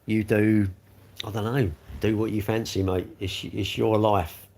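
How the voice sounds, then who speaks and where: A middle-aged male livestream host rambles casually from one viewer comment to another, often calling people "mate." His low voice is gravelly with a fried edge, slightly mellow, unhurried, and fairly flat in pitch.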